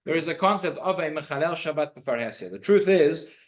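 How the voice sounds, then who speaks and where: A man's voice: fairly high pitch, animated, a little fast. Man teaching a synagogue Torah class. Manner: explanatory, with frequent restarts and Hebrew quotations. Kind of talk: informal Torah class lecture.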